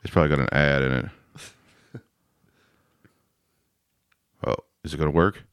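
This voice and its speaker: A man's voice: extremely low pitch, moderate pace, a bit bright, clean tone, dry recording, studio quality. A man, telling blunt, profane stories in casual chat as a podcast co-host. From Tulsa, Oklahoma.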